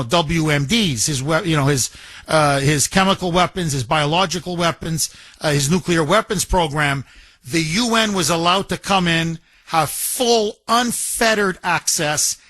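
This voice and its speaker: Man, radio talk host, high voice, dry close studio sound, animated storytelling. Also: no echo. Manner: animated storyteller, acts out quotes.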